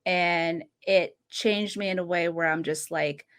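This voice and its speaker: A woman in her late thirties hosting a podcast speaks a little slowly in a lowish, clean and fairly bright voice with fairly even intonation. Earnest in casual conversation, she often laughs briefly while telling a story.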